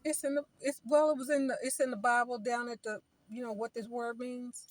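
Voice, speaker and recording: A woman's voice: a little high, fairly even intonation, a little fast. A woman giving spiritual advice in an informal, preaching way, talking in a chatty style that repeats phrases and acts out what other people say.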